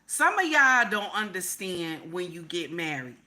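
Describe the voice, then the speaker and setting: A woman's voice: lowish voice, very animated, a little slow, bright, forceful tone. A woman giving relationship advice in a profane, emphatic monologue, repeating her points over and over. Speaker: relationship commentator.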